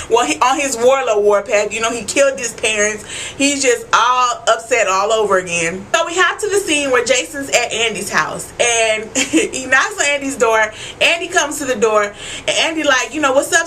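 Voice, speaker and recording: A woman vlogger recapping a TV episode in a casual, slangy way, talking straight to her viewers with loud asides and frequent swearing. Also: fairly high pitch, slight background noise, low-quality recording.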